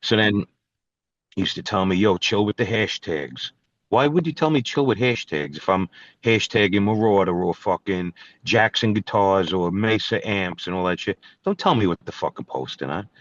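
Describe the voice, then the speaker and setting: A man's voice: lowish voice, expressive, normal speed, no echo, muffled recording. A man, a guitarist guest, telling stories in a blunt, profane, ranting way in a casual interview.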